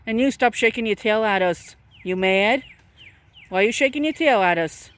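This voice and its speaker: A woman's voice: on the high side, expressive, moderate pace, dry recording. Chatty woman coaxing farm animals outdoors. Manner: coaxing, chatty, talks to animals in baby talk. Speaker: vlogger filming farm animals. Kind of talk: casual talk to animals while filming.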